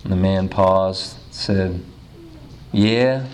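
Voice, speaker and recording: A man preaching a sermon, telling a story with emphatic pauses, then leading a prayer. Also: mid-range voice, fairly even intonation, slight background noise.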